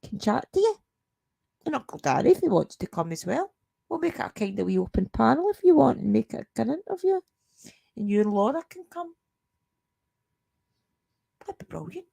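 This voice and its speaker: A woman's voice: fairly high pitch, very animated, brisk, vocal fry, mellow, husky. A Scottish woman hosting a paranormal live stream from home at night, chatting casually with her viewers, laughing often and greeting them by name.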